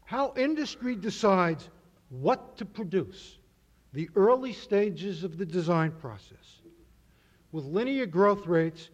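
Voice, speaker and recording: Man, formal lecturer, deliberate, slightly high voice, dull lo-fi sound. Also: lively intonation. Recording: dull lo-fi audio.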